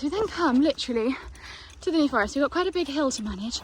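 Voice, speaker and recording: A woman's voice: high-pitched, animated, fast. A woman vlogging on her phone while walking her horse outdoors, chatty and cooing to the horse, a little out of breath. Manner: chatty, coos baby talk to her horse. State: out of breath from climbing a hill. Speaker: equestrian vlogger. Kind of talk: casual vlog narration while walking a horse. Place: outdoors at a horse yard and on hills. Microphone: phone held while filming. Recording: outdoor phone audio with clear background noise.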